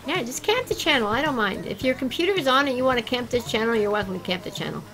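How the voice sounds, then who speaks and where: A woman chatting casually and excitably with her viewers while she plays a game on a livestream. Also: on the high side, quick pace, music in the background, low-quality recording. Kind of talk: casual gaming livestream chat.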